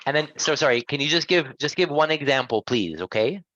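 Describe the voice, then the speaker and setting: A man's voice: fairly high pitch, animated, fairly quick, a bit bright, dull audio. A man teaching an online English class, patient and encouraging, repeating and rephrasing answers for his students.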